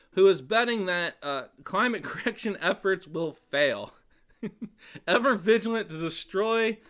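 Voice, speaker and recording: A man's voice: a little high, fairly bright tone. A man hosting a casual web show, rambling with sarcastic jokes and frequent laughter. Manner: joking, sarcastic asides, laughs often. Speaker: host of a songwriting web show.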